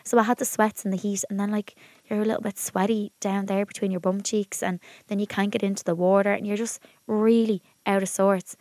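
A woman's voice: mid-range voice, little pitch movement, fairly quick, darkish tone, no room sound. A young Irish woman co-hosting a podcast, telling blunt, chatty stories in casual talk. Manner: chatty, laughing, blunt storyteller. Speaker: podcast co-host. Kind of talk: casual chat.

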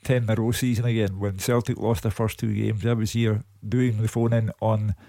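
A man's voice: lowish voice, flat delivery, normal speed, gravelly, mellow, no echo. Older Scottish male pundit, grumpy, emphatic, dry studio. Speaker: football pundit. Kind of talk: radio punditry.

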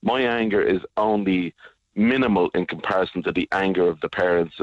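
A guest advocate on a radio interview speaks angrily and emphatically, hammering his points through repetition. His low voice is steady and a little fast, and the lo-fi radio sound is dull with no echo.

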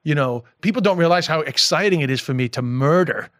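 A middle-aged man whose accent mixes New York and Irish tells stories on a podcast. His voice sits somewhat high, and it is recorded dry and close. He is animated and profane, often laughing mid-sentence. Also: fairly quick, no echo. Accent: mixed New York and Irish. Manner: animated storyteller, swears freely, laughs while talking. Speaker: comedian guest. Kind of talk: casual podcast chat.

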